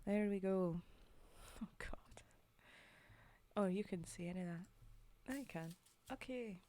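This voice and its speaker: A woman streaming a poetry reading, laughing at herself as she tries a put-on accent. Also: a little high. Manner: giggly, self-deprecating, attempting a Scottish accent while reading.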